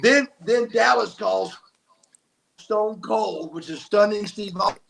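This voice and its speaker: An older man's high-pitched, creaky, fairly bright voice moves at a slow pace. He's a former wrestler guesting in an interview, telling animated stories with emphasis and acting out quotes.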